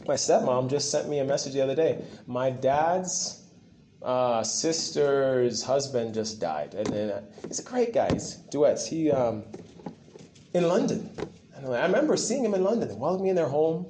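A man's voice: medium pitch, normal speed, slight background noise. A man preaching a sermon with passion, repeating himself for emphasis and telling stories. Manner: impassioned, repetitive, animated storytelling. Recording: echoey room.

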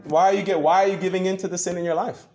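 A man preaching a sermon, asking questions back to his congregation in an animated way. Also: high voice, rapid-fire, soft background music. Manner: animated, call-and-response with the congregation. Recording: echoey room.

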